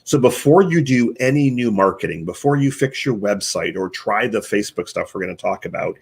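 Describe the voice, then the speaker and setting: Speaking briskly with lively intonation, the host of a live online chat, a marketing consultant, takes a guest through his advice one numbered point at a time. His somewhat low, husky voice sounds earnest and coaching, not scripted.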